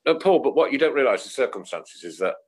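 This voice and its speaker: A man hosting a talk show, jokey and expressive. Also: fast talker. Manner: jokey, expressive, swinging up and down in pitch. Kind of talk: casual chat.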